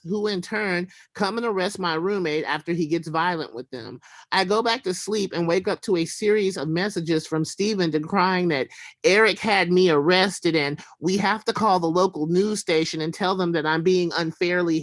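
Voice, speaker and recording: A man reading his own prose aloud in a wry, deadpan way. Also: high-pitched, moderate pace, no room sound. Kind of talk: literary reading.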